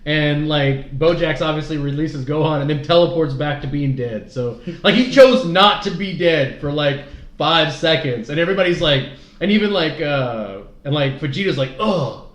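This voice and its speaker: A man's voice: on the high side, moderate pace. A man co-hosting a podcast, chatting casually in a rambling, profane way. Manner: rambling, profane, laughs often. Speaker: podcast co-host. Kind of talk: casual chat. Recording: echoey, dull room audio with faint noise.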